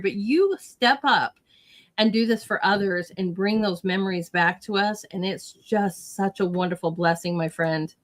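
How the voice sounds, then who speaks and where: A middle-aged woman hosting a casual chat, gushing with warm, effusive praise. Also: medium pitch, normal speed. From United States. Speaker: host.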